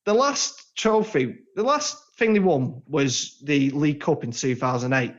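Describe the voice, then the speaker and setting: Man co-host, casual football banter, slightly high voice, dull lo-fi recording. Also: lively intonation, a little slow. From England. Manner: chatty, jokey, trails into laughs. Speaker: podcast co-host.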